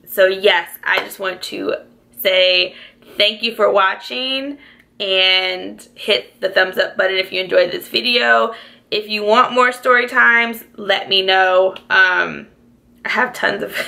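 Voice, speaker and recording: A woman's voice: medium pitch, creaky, sharp tone. A young woman telling her life story in a casual, chatty vlog, close to tears and full of "like"s and "y'all"s. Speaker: vlogger.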